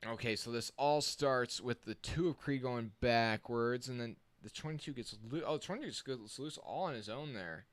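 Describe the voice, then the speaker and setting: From a home computer setup, a man gives casual, excitable live-stream race commentary, reacting on the fly and chatting with viewers. His medium-pitched voice moves at a moderate pace with hardly any pauses and no echo.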